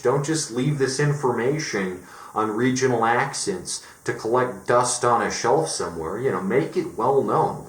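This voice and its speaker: Man from Colorado, vlogger rant, emphatic and profane, mid pitch, echoey room. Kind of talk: ranting monologue.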